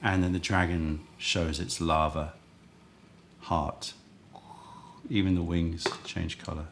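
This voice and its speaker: Low gravelly man, chatty livestream host. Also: flat delivery, takes it slowly, background noise. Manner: rambling, chatty, thinks aloud. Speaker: livestream host selling tea. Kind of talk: casual live-stream chat.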